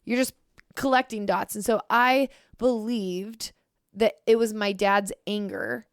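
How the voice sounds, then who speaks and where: A woman's voice: mid-range voice, steady tone, measured pace, clean tone, dry recording, studio quality. A woman co-hosting a podcast, sharing a reflective, candid personal story in casual conversation. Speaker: podcast co-host.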